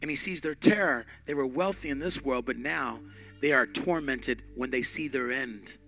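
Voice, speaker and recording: A man preaching a sermon with emphatic delivery, swinging between loud and hushed. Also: mid-range voice, normal speed, faint music behind. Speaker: pastor.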